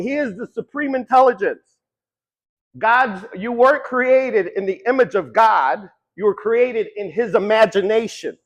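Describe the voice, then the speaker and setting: A man with a high-pitched, fairly bright voice gives a long-winded, conversational motivational talk about addiction, swearing casually as he tells stories. The recording is rough.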